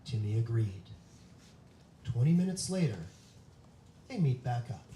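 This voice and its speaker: A host narrates a children's story at a live theatre show, very animated and at a measured pace, with a medium-pitched, dark-toned voice that plays up the spooky parts. The sound is noisy and echoey from a far-off mic.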